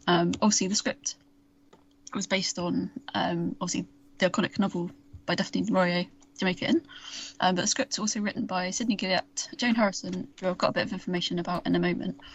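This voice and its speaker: A woman hosts a casual film review podcast in a chatty, giggly way, filling pauses with ums. Her middle-pitched voice comes through a slightly dull home mic with faint hiss. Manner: chatty, giggly, lists cast with many ums. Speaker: podcast host.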